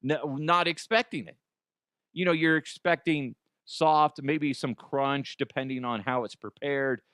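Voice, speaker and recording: A man's voice: on the high side, fairly even intonation, unhurried, a bit bright, clear, resonant tone, no room sound, studio quality. A man hosting a comedy podcast, telling stories in a loose, profane way with stammered restarts. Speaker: podcast host. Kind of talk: comic storytelling.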